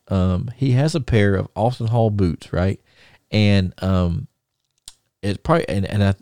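A man's voice: lowish voice, gravelly, warm tone, no echo, studio quality. A middle-aged man, co-hosting a podcast and telling rambling stories full of fillers and restarts. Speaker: podcast co-host. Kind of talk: casual storytelling.

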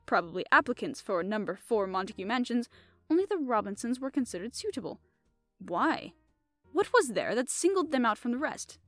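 A woman reads aloud in the voice of a fussy, polite middle-aged male detective who gently and courteously reproves others. Her pitch is on the high side, and the recording has no echo.

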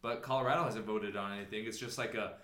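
A man co-hosting a sports podcast in casual chat, energetic and upbeat as he explains things at length. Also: lowish voice, fast, echoey room. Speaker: podcast co-host.

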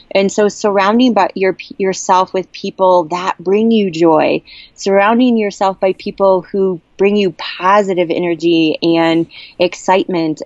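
Earnest lower-voiced woman, dry and dull. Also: no room sound. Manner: earnest, heartfelt, halting with many restarts. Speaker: interviewee sharing a personal story. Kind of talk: candid personal storytelling. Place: at a camp.

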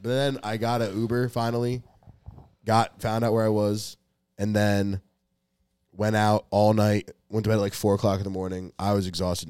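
Low-voiced young man, dry close mic, profane rambling anecdote, restarts a lot. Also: a little mellow, no room sound. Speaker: podcast co-host. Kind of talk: casual storytelling.

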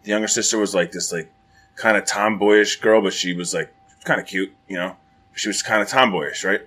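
A man's voice: fairly low pitch, fairly quick, breathy edge. Profane, rambling male storyteller. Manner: profane, rambling, animated when acting out moments. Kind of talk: casual storytelling chat.

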